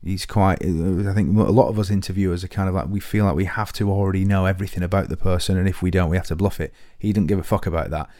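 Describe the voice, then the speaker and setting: A man's voice: low-pitched, steady tone, quick pace, few pauses, mellow, no room sound. A man hosting a podcast, talking to listeners in a rambling, self-deprecating comic monologue full of restarts. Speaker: podcast host.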